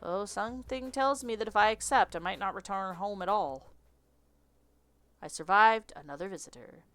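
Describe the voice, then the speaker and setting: A woman streamer reading a visual novel aloud in an animated, chatty way, often laughing. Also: mid-range voice, moderate pace, no room sound.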